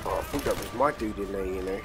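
A British man giving crude, excitable let's play commentary while trash-talking enemies in a war game. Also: low voice, quick pace. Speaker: gamer. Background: game music and gunfire.

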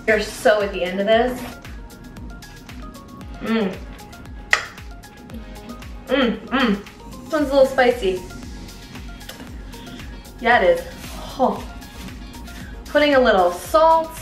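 A woman's voice: fairly high pitch, a bit bright. A playful woman talks through a casual cooking demo in her home kitchen, tossing in jokey asides. She sits back from the mic, and her voice rings in the room over faint music. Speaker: cooking vlogger. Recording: roomy echo, mic at a distance, faint music.

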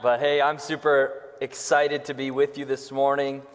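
A young male pastor delivers a casual, joking sermon in a church sanctuary. His voice is slightly hoarse from a recent illness. The sound carries a long church-hall reverb. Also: medium pitch, monotone, normal speed. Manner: joking, self-deprecating.

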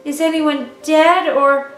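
Woman reading as a worried big-sister girl, higher voice, soft music behind. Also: steady tone, slow pace. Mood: anxious. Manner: raised, earnest, worried. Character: eldest girl Roberta, anxious and tender. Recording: echoey room, distant mic, faint music.

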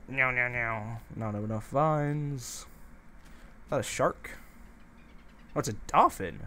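A man's voice: medium pitch, slow pace, long pauses, pushed and bright, a little hiss or hum. A man giving casual, playful let's-play commentary, chatting to the animals and villagers as he goes. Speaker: gameplay commentator.

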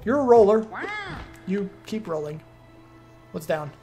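A man's voice: high-pitched, unhurried, creaky, long pauses, dark tone, faint music behind. A man commenting casually as he plays a video game, talking to himself and his viewers and reacting with surprise. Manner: chatty, self-talking, easily surprised. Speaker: gaming streamer. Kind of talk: let's play commentary.

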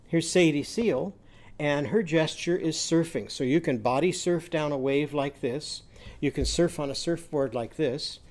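A man's voice: a little high, a little mellow. A middle-aged man teaching phonics, demonstrating hand gestures and chanting playful animal sounds in a sing-song way. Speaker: literacy teacher.

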